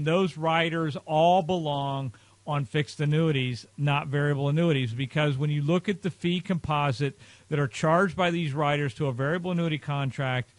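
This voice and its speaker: A man with a somewhat high voice explains a financial topic to his viewers, leaning hard on key points. His talk is earnest and loose, sprinkled with uh and you know. The sound is dry and close, with no room echo. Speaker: financial advisor presenting a video series.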